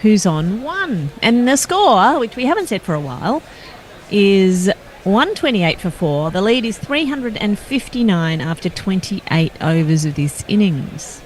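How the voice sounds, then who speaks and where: A woman with an Australian accent doing brisk ball-by-ball cricket commentary. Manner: brisk play-by-play calls with lively pitch swings.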